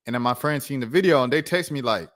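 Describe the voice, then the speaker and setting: A man hosts a reaction stream at a middling pitch. He talks in a laid-back, rambling way and stumbles over repeated words. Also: fast, fairly bright tone. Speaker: host. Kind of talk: casual reaction-stream chat.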